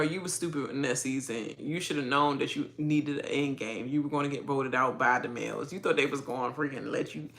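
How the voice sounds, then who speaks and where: A low-pitched woman rants casually about a reality show, sassy and animated. She frequently laughs at her own jokes.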